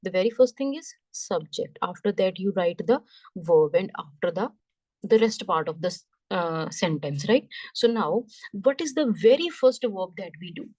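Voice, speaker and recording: A woman teaching French, explaining slowly step by step, often repeating herself and checking in with "right?". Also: medium pitch, lively intonation, a little mellow, no room sound. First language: Punjabi. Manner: slow, repetitive, checks understanding with "right?". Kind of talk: classroom lesson explanation.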